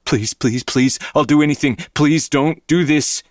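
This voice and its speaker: A man's voice: fairly high pitch, a little slow, no room sound, clean studio sound, voice pushed up, natural voice. A man voicing a terrified grown man who begs frantically for his life, in an audiobook reading. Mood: begging. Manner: pleading, frantic.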